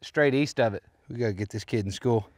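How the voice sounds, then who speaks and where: A young man joking and teasing his friend on a golf course, with loud celebrating shouts after good shots. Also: medium pitch, brisk, dry recording, clean studio sound. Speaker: golf video co-host. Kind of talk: casual banter on the golf course.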